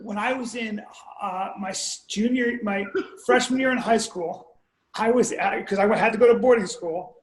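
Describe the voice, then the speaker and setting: A man co-hosting a podcast, telling a story in relaxed casual chat and swearing freely. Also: high-pitched, moderate pace, echoey room, a little hiss or hum. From grew up abroad, moved to America as a teen. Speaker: podcast co-host.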